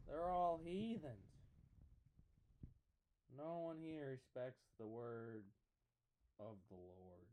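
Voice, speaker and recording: A man's voice: medium pitch, darkish tone, rough recording. Man putting on a sassy Southern caller. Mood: complaining. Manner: sassy drawl. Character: sassy Southern caller, calls people baby.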